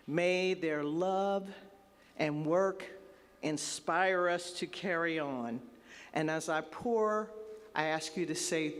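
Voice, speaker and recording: A woman professor leading a ceremony, speaking a solemn libation and an introduction in a measured way. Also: fairly low pitch. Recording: long reverb of a large hall.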